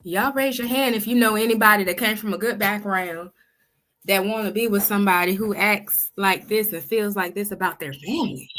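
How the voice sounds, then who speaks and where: A woman hosts a reaction video and comments on a clip in a bright, forward voice. She speaks bluntly and sarcastically. Her pitch sits in the middle range. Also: a little fast. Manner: blunt, sarcastic, laughing remarks.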